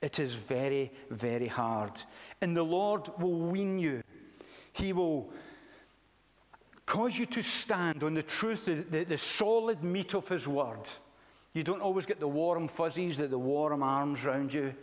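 A man's voice: on the high side, unhurried. A man preaching a sermon in a conversational way, with frequent fillers and restarts. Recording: long reverb of a large hall.

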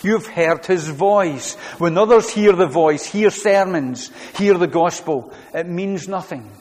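A man's voice: sits high, takes it slowly, a little mellow, long reverb tail. A man preaching a sermon to his congregation, earnest and repeating his phrases as he goes. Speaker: pastor.

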